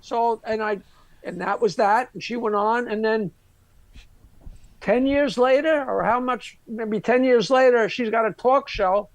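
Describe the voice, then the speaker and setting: With a very high-pitched voice and a measured pace, this Long Island, New York man is a comedian guest spinning a profane story. He's brash and crude, imitating other people, and there's no echo on the recording.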